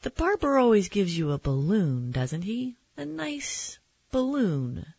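Brief: a tired storybook mom, slow and breathy, fed up, as the woman reading puts her on. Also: mid-range voice, big pitch swings, darkish tone, no room sound, highs cut off, exaggerated voice. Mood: exasperated. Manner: groaning, put-upon. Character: weary, exasperated mother of a young boy.

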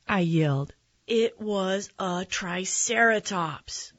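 A woman reading a children's picture book aloud in a gentle, expressive storytelling manner. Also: lowish voice, unhurried, no room sound, highs cut off. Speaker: narrator.

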